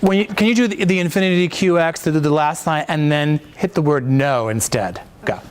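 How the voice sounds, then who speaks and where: A man coaching a voiceover workshop, enthusiastic and quick to heap praise on his students. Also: on the high side, background noise. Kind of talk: coaching a class.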